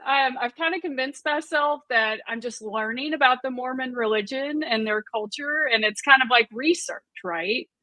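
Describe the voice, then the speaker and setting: A woman's voice: high voice, normal speed, hardly any pauses, bright, forceful tone, no room sound, low-quality recording. A woman co-hosting a casual sports radio chat, talking in a chatty, playful way. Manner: chatty and playful, laughs easily.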